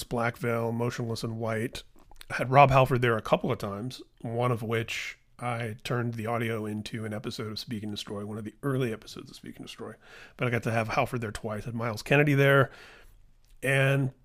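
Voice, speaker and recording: A man's voice: medium pitch, fairly bright tone. A middle-aged man hosting a podcast, telling a story in a casual, enthusiastic way with restarts and laughter. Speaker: podcast host.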